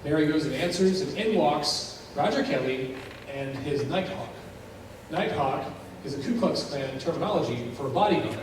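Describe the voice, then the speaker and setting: A man preaching from the pulpit, telling a story with drama and acting out each character's lines. His voice sits a bit high for a man. It comes from some distance off in a big, echoing church with a faint hum underneath. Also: lively intonation, moderate pace. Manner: dramatic storyteller, acts out dialogue with rising intensity. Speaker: pastor. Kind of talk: sermon storytelling. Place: church sanctuary. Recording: echoey church heard from a distance.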